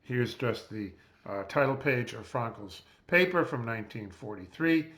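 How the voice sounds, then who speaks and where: Male doctor lecturer, medium pitch, measured and explanatory, spells out terms, close mic. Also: animated, a bit bright. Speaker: physician lecturer. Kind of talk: recorded lecture over slides. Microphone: close mic, seated.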